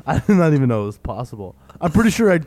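A man with a notably high-pitched speaking voice trades jokey banter on a casual podcast. He slips into drawn-out sarcastic rants that drip with mock bitterness. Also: sing-song, darkish tone. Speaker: podcast co-host. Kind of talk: casual chat.

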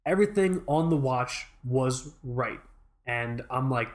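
A man's voice: mid-range voice, expressive, takes it slowly. A man co-hosting a podcast, telling a rambling, profane story in mock fury in casual chat. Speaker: podcast co-host.

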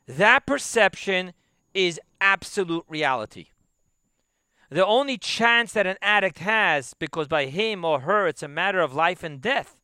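A man teaching a Torah class, emphatic and repetitive, dropping to quiet asides. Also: high-pitched, clear, resonant tone, dry recording, clean studio sound. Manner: emphatic, repeats key phrases, drops to quiet asides.

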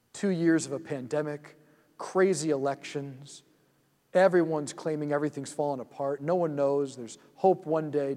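A man leading a guided prayer meditation in a church hall, speaking gently and soothingly and often dropping to a hush. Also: fairly high pitch.

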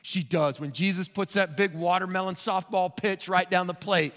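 A man with a Southern US accent preaching a sermon in a church, telling a story with animated bursts and shouts. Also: high-pitched, moderate pace, hardly any pauses. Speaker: pastor. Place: large church sanctuary. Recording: long hall reverb.

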